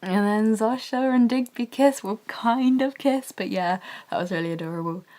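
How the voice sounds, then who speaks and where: A young woman gushing about a TV drama in a rambling, chatty fan vlog, talking quietly from her bedroom. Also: on the high side, moderate pace. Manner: speaking quietly. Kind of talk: casual TV review vlog. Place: bedroom at home.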